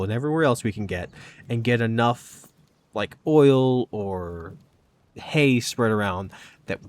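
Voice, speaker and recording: A man casually recounting a tabletop game session, rambling and filling with "kinda" and "like". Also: mid-range voice. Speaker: gaming channel host.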